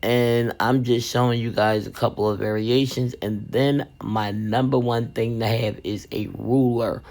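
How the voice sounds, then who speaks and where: A woman resin craft vlogger telling a funny family story and giving supply tips in a lively, chatty way, calling viewers "baby". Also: rumbling low, unhurried.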